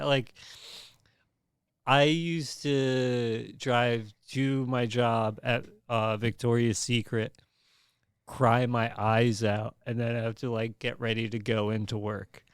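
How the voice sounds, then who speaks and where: A man who is a stand-up comedian, guesting on a casual podcast and telling stories in a relaxed, self-deprecating way. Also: medium pitch, slow, clear, resonant tone, no room sound, clean studio sound.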